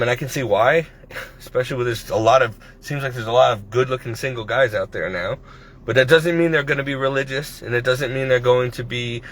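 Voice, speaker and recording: A man's voice: medium pitch, a bit bright. A man in his forties talking in a casual personal vlog, rambling and hesitant with many restarts, recorded on a phone. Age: 40s. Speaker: vlogger. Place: at his workplace.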